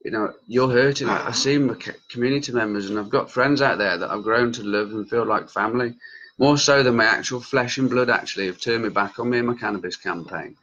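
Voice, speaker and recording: A man's voice: medium pitch, fairly quick, a bit bright, highs cut off. A man in his late thirties, a campaigner talking straight to his viewers in heated, passionate vlog commentary. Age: late 30s. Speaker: cannabis campaigner and group leader. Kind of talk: vlog commentary reacting to news.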